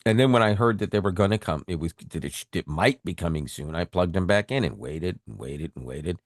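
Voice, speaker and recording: A man co-hosting a tech podcast in casual chat, animated, often laughing and repeating words. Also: low-pitched, fairly quick, no room sound, studio quality. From Canada. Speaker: podcast co-host.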